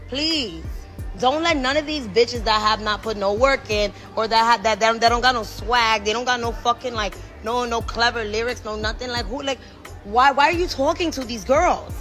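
A woman's voice: on the high side, normal speed, bright, forceful tone, faint music behind. A woman from New York talking bluntly and emphatically, with lots of profanity, in casual chat.

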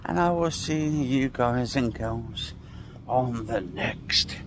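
A man with a gravelly, creaky voice rambles through a sarcastic rant as he walks outside, sighing and swearing along the way. His voice sits at an ordinary pitch. Faint traffic and outdoor noise hum behind him. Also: takes it slowly. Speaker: vlogger. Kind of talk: casual ranting walking vlog. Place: outdoors on a walk.

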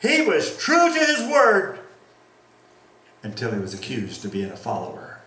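A man preaching a sermon as pastor, reading scripture aloud and acting out the quoted lines with animated delivery. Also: medium pitch, unhurried, roomy sound, recorded from a distance, poor audio.

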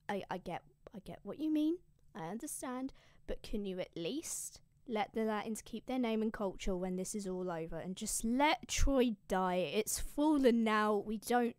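Grudging goddess queen voiced by a woman, low, quiet, sulky. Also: very animated, unhurried, clean tone, dry recording, clean studio sound.

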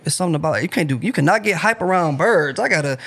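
A woman co-hosts a casual podcast chat. She sits a little low in pitch but moves her voice around a lot. She keeps probing with skeptical, amused questions. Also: expressive, rapid-fire, fairly bright tone, breathy edge. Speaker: podcast co-host.

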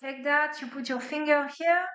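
High-voiced accented woman lecturing. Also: fairly even intonation, moderate pace, a bit bright. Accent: non-native English. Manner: explains step by step with frequent "okay?" and "right?" checks. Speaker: physics lecturer. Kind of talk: classroom lecture. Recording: echoey lecture hall.

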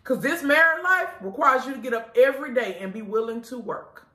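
A woman who owns a lingerie store, doing a casual live product pitch to her customers, blunt, profane and preachy. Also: animated, fairly quick, bright, forceful tone, reverberant. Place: inside her shop.

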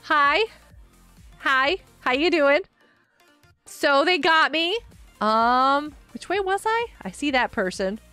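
A woman's voice: high-pitched, animated, slow, long pauses, pushed and bright, dry recording, faint music behind. A woman live-streaming a game, chatting and giggling often while answering her chat.

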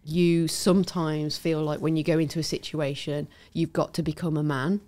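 A woman's voice: low-pitched, little pitch movement, moderate pace, warm tone. A woman talking as a podcast guest in casual chat, with lots of "yeah" and "like" fillers.

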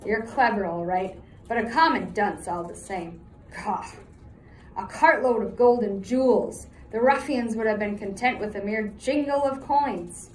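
A woman's voice: medium pitch, a little slow, reverberant, distant mic, a little hiss or hum, natural voice. A woman reading aloud voicing a spoiled, haughty young prince who talks down to others. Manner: haughty and dismissive.

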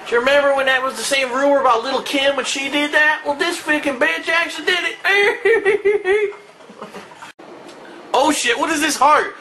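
A man giving loud, excitable and crude commentary while playing video games. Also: very high-pitched, normal speed, a faint crowd, slight background noise. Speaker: gameplay commentator. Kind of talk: crude live gameplay commentary.

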